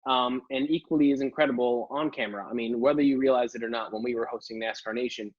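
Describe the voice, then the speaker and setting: A man with a husky, slightly breathy voice of middling pitch hosts a casual interview. The recording is dull and lo-fi, and he praises his guest generously between short prompts. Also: fairly even intonation, fast talker. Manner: warm, complimentary interviewer with short backchannels. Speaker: podcast host.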